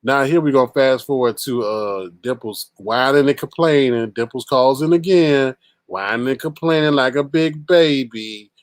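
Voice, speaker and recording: A man's voice: medium pitch, moderate pace, dry recording. A man hosting a casual commentary show who narrates over clips and drives each point home by repeating it. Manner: emphatic, repeats his points. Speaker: commentary host.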